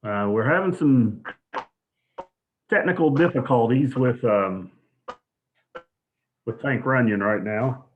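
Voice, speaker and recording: A man's voice: medium pitch, slow pace, long pauses, slight background noise. A man hosting a casual online show, chatty and hesitant, with lots of ums and uhs. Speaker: show host. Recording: phone-like lo-fi audio.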